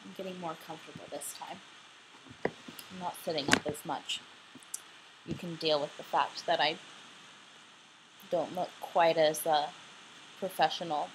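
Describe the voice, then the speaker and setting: A woman's voice: sits low, fairly even intonation, a little slow, pauses often, a little hiss or hum, rough recording. Sleepy young woman reading an audiobook at home. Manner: sleepy, casual and apologetic between passages. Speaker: audiobook reader. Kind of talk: homemade audiobook reading with chatty asides. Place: bedroom at home, late at night. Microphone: laptop microphone.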